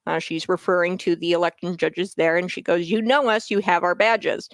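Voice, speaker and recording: A woman's voice: fairly low pitch, fairly even intonation, normal speed, dry recording. A woman hosting a political talk show, getting heated and repeating phrases for emphasis. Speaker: talk radio host. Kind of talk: opinionated political commentary.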